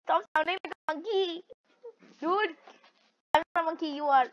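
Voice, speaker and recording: A woman's voice: very high voice, normal speed, muffled recording, noisy background. A young woman chatting casually while playing an online game, trading playful trash talk with a friend and laughing often. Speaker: gaming video creator. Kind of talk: casual gameplay commentary.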